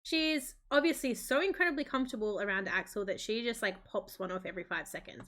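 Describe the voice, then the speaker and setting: Casting: woman gaming host, chatty storyteller, bright and crisp. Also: a little high, fast, hardly any pauses. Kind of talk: narrating a life-sim game.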